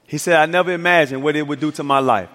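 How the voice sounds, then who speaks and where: Male pastor, high voice, storytelling sermon with emphatic climaxes, recorded in a reverberant church. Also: fast talker, a bit bright. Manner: storytelling preacher, acts out dialogue, builds to emphatic climaxes. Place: church sanctuary.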